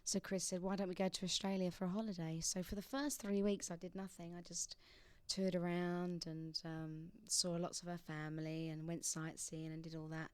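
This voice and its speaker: A woman's voice: lowish voice, level tone, normal speed, few pauses, clear, resonant tone, dry recording. A young woman from England, a singer guest in a radio studio, chatting casually and laughing often.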